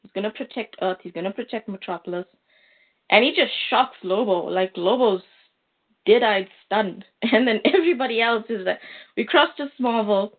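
A woman talks casually and with amusement as she walks a co-host through a comic book. Her voice sits at an average pitch and sounds narrow and thin, as if over a phone line. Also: normal speed. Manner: chatty and amused, with frequent fillers. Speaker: podcast co-host.

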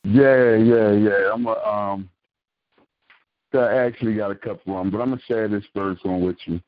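A man's voice: on the low side, fairly even intonation, moderate pace. A man from Philadelphia calling in to recite a spoken-word poem with a rhythmic, punchy delivery. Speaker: caller, poet. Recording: dull, lo-fi call-in line.

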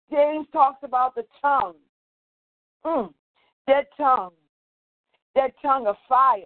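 A woman's voice: high voice, no room sound. An older woman minister preaching a sermon, fervent and repetitive, chanting calls to prayer over and over. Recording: dry phone-line sound.

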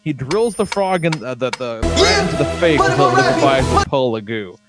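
A podcast co-host chats casually, swearing freely and rambling through stories with lots of filler words. His medium-pitched voice is expressive and fairly quick, with loud music playing behind it.

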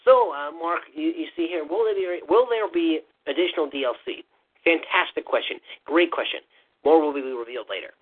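A man voicing a nerdy game developer who cheerfully dodges fan questions in a slightly higher voice. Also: brisk, breathy edge. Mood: evasive cheery. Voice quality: nerdy, a touch higher than his own voice. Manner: evasive, overly cheery press-conference patter. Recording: phone-like lo-fi line.

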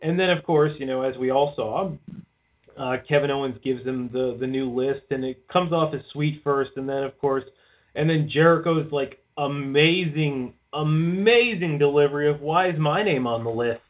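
A man's voice: on the high side, moderate pace. A man co-hosting a podcast in casual, rambling chat, swearing freely and leaning on "like" a lot. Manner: rambling, swears often, leans on "like". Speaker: podcast co-host. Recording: tinny phone-like line.

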